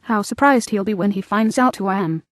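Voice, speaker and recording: A woman's voice: mid-range voice, fairly quick, dry recording, clean studio sound, natural voice. Brief: woman reader as a curious, polite girl, eager and earnest, storybook.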